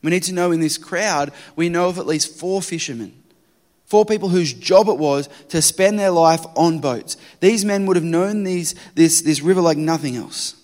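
Man, preacher, sermon, high voice, dramatic loud-to-hushed swings, long hall reverb. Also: moderate pace.

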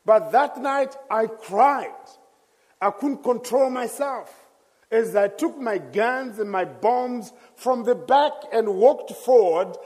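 A man preaching a sermon, telling his own story with passion and emphasis. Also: sits high. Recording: long hall reverb.

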